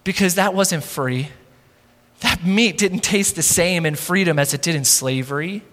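A man's voice: high-pitched, measured pace, fairly bright tone, long reverb tail. A man preaching a sermon as pastor, casual and wry, building to emphatic rhetorical questions. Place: church sanctuary.

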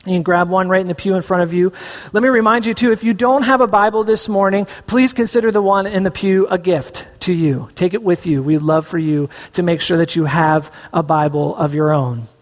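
A man preaching a sermon as pastor, telling the story with animated, acted-out voices. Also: high voice, brisk. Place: church sanctuary. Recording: echoey church hall.

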